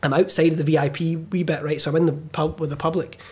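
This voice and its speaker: A man's voice: a little high, flat delivery, fast, a little mellow, slightly rough. A young Scottish man, a filmmaker on a podcast, telling a story animatedly and swearing freely as he acts out the quotes. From Scotland. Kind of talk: casual storytelling chat.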